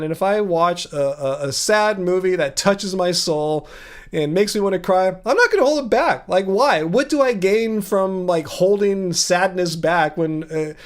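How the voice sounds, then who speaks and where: A man's voice: high voice, clear, resonant tone. A man hosting a casual livestream, answering viewer comments in a chatty, earnest way, thinking aloud with frequent restarts. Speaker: livestream host.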